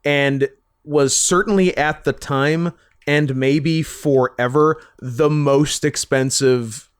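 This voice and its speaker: A man's voice: on the high side, fairly even intonation, slow, smooth, no room sound, clean studio sound. A man co-hosting a casual film podcast, chatty, swearing and riffing. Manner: chatty, swears, riffs with silly voices. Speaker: podcast co-host.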